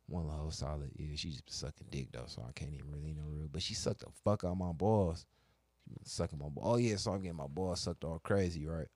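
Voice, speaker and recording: A low-pitched man, recorded close and dry with no room sound. He tells crude stories in casual chat, profane and animated, acting out both sides of each exchange. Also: no room sound. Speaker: podcast co-host telling stories.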